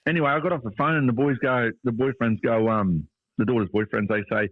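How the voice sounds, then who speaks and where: A man's voice: medium pitch, fast. An Australian man co-hosting a podcast, who laughs often and swears casually as he tells stories. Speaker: podcast co-host. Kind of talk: casual chat. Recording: dry, tinny phone-like sound.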